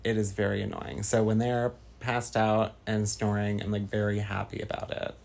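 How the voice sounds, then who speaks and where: A man from Northern California chatting casually with his stream viewers, slow and rambling. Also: on the low side, completely flat delivery, creaky, darkish tone. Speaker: livestreamer.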